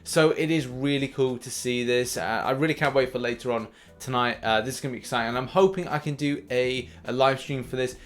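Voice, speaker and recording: A young man hosting a mobile game news show, talking in a chatty, animated way with plenty of fillers and restarts. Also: mid-range voice, fairly quick, hardly any pauses, soft background music. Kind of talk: casual gaming news commentary.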